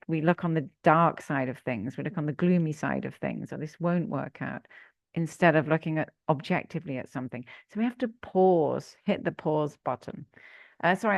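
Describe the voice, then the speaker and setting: A woman executive coach giving an interactive workshop talk, asking her audience questions in an animated way. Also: low-pitched, vocal fry, no echo, dull audio.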